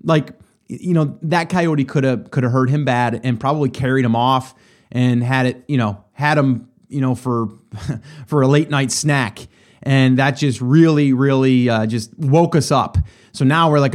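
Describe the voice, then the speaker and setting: Chatty middle-aged man, slightly high voice. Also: moderate pace, darkish tone. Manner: conversational, many fillers and asides to listeners. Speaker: podcast host. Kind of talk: casual storytelling and business motivation talk.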